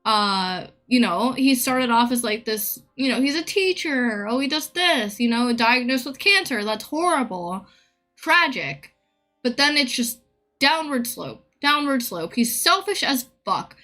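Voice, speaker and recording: A woman's voice: sits high, expressive, measured pace, sharp tone, faint music behind. A woman streamer in a casual live-stream rant, blunt, profane and opinionated.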